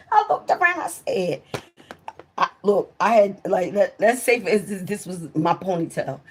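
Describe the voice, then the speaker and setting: A woman telling stories from her old jobs to her live viewers in a casual, profane way, often talking straight to them and getting loud and excited when the story peaks. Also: mid-range voice, moderate pace, a little hiss or hum. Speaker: livestreamer.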